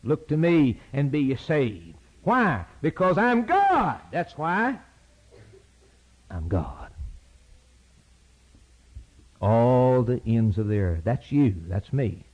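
A man preaching a sermon, impassioned and rhythmic, swinging from loud high peaks down to low, quiet lines. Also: very animated, slow. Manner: impassioned, rising to shouted peaks then dropping low; repetitive, rhythmic preaching cadence. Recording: dull lo-fi sermon tape.

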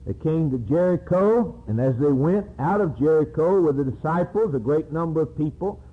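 A man's voice: on the high side, lively intonation, moderate pace, breathy edge. A man preaching a sermon, reading scripture and acting out its cries with dramatic emphasis. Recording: tinny lo-fi phone-like recording.

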